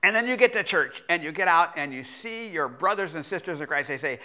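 A man's voice: sits high, big pitch swings, moderate pace, few pauses, bright, forceful tone. A middle-aged man preaching a sermon as pastor, self-deprecating, with laughter and frequent restarts.

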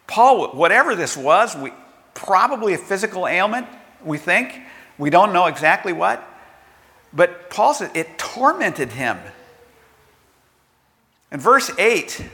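Bright-voiced older male preacher in echoing hall. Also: sits high, very animated, measured pace, pauses often. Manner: conversational preaching with rhetorical questions and acted-out quotes. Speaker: pastor. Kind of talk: sermon.

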